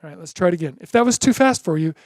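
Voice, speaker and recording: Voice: mid-range voice, animated, very fast, darkish tone, no echo, studio quality. A drum teacher giving a beginner lesson in an encouraging way, chanting drum syllables in rhythm.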